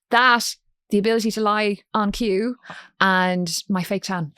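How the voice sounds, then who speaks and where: A woman's voice: mid-range voice, fairly even intonation, moderate pace, a bit bright, clean tone, no room sound, studio quality. An Irish woman guest on a podcast, telling stories in a chatty way and laughing often. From Ireland. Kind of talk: casual chat.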